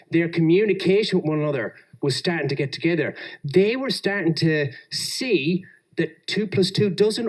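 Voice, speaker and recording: An Australian man speaking to an audience in a lively storytelling style, acting out the people he quotes. His voice sits slightly higher than most men's. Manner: animated, acts out quoted people. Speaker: engineering leader giving a talk. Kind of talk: storytelling conference talk.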